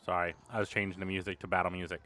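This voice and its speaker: Low-voiced man chatting at a game table. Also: little pitch movement, racing, pushed and bright, no echo. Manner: casual and chatty, asks the game master questions. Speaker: player. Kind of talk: casual tabletop game play.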